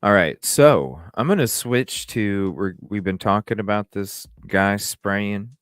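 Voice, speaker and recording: A man's voice: fairly low pitch, slow, fairly bright tone, clean tone, dry recording. A man hosting a casual livestream, rambling with fillers and restarts and greeting chat viewers. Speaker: livestream host.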